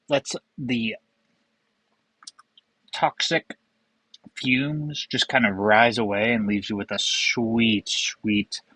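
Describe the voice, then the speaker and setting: Young guy, bright forward tone, dry close sound; loose, joking, swears freely. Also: on the low side, no echo, rough recording. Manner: rambling, joking, profane asides. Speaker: whiskey vlogger. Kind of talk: casual on-camera whiskey tasting.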